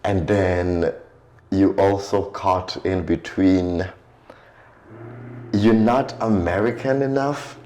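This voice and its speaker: Deep-voiced Kenyan-born man telling stories. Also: slow pace, pauses often. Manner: animated storyteller who acts out quoted voices. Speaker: guest poet and author. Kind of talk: conversational interview storytelling.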